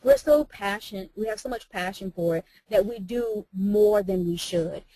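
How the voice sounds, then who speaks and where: A woman's voice: medium pitch, normal speed, dark tone, dry recording, rough recording. An American woman, a mentor and businesswoman, speaking earnestly and encouragingly on a group call. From United States. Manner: earnest, encouraging, faith-filled.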